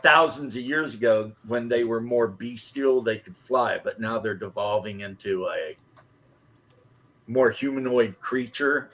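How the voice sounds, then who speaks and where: A man chatting casually on a live stream, telling rambling, animated stories. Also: mid-range voice. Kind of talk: casual chat.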